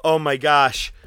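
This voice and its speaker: A man tells stories with animated energy, slipping into quoted voices and swearing freely. His voice is bright and forward. The recording is dry and close, with no room sound. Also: a little high, smooth, dry recording. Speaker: podcast co-host. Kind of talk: casual wrestling recap chat.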